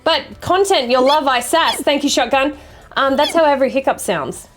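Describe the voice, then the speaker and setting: A young adult woman streamer chatting casually with her viewers, swearing freely and apologizing quickly. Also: high voice, animated, soft background music. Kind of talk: casual chat reading viewer messages.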